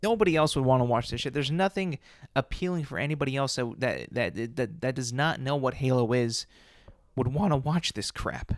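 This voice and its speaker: A man's voice: medium pitch, lively intonation, moderate pace, no echo, studio quality. A man hosting a solo podcast, ranting bluntly with lots of swearing and repeated words. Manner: blunt, profane, repetitive ranting. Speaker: podcast host.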